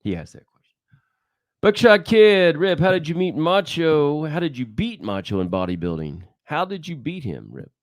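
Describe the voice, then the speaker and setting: Lively-voiced man reading viewer questions. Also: fairly high pitch, brisk, dry recording, clean studio sound. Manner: reads out viewer questions, prompts the host. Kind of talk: casual chat.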